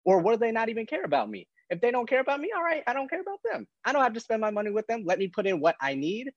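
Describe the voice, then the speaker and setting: A man's voice: extremely high pitch, sing-song, rapid-fire, dry recording. A man co-hosting a podcast, talking earnestly and encouragingly to listeners. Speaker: podcast co-host, physical therapist. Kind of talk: casual podcast talk. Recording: dry, muffled lo-fi sound.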